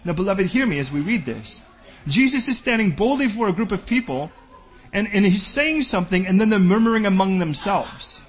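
Husky, high-voiced preaching pastor. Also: male voice, expressive, fairly quick. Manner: bold, direct preaching that acts out dialogues. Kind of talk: sermon.

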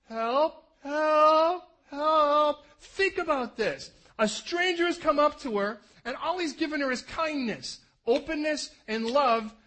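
A middle-aged man preaching a sermon as pastor, telling the story with animated, acted-out scenes. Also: extremely high pitch, low-quality recording.

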